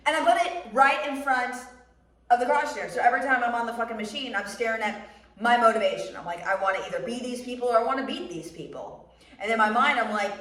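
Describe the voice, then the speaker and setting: A young American woman vlogging about running, talking bluntly and swearing freely as she tells animated stories. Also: on the high side. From United States. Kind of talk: casual chat. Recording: roomy sound, mic somewhat distant.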